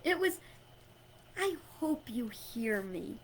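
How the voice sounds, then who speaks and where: A woman's voice: on the high side, very animated, slow. A middle-aged woman giving an inspirational talk, emphatic and conversational, telling personal stories and chuckling. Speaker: spiritual speaker.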